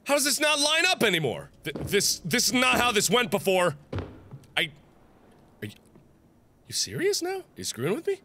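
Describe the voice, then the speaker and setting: A young man playing a horror game and commenting, sick and nauseous, swinging between shrieked curses and low, worn-out muttering. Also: huge pitch swings, normal speed, pauses often, noisy background. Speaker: gaming YouTuber. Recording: game music behind.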